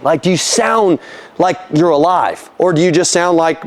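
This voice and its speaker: A man coaching a sales team in a lively, profane talk, acting out conversations with customers. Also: a little high, normal speed. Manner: animated, profane, acts out customer dialogue. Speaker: sales trainer. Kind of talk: live sales training talk.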